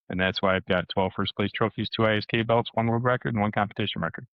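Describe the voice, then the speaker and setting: A man telling a story in a lively way, with sound effects and acted-out dialogue. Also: lowish voice, fast, hardly any pauses, smooth, dry recording, lo-fi sound. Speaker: co-host and martial arts competitor. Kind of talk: animated casual storytelling.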